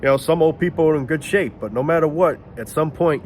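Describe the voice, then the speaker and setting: A slightly high, darkish male voice speaks fairly quickly in a rambling, casual monologue, with a little hiss or hum. He's outdoors near planes and traffic and often stops to grope aloud for the right word.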